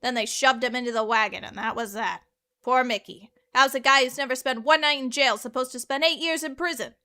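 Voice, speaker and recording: A woman doing a gruff old-time gangster treasure hunter. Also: sits high, fairly quick, pushed and bright. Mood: weary, rueful. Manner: tough-guy gangster drawl. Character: struggling 1930s male treasure hunter, gruff. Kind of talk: reading a journal aloud in character.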